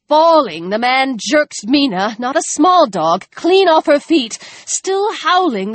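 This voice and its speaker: A woman narrating a tense, dramatic novel, dropping her voice low for grim moments. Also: dry recording. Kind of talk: audiobook narration.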